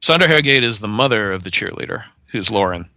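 A man narrating as game master of a tabletop game in a relaxed way with many fillers. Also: on the low side, fast talker, no room sound.

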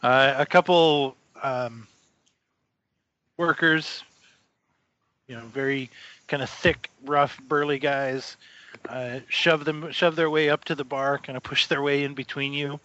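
A man narrating a tabletop game as game master, describing scenes in a relaxed way with many fillers, in a slightly muffled recording. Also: mid-range voice, no room sound.

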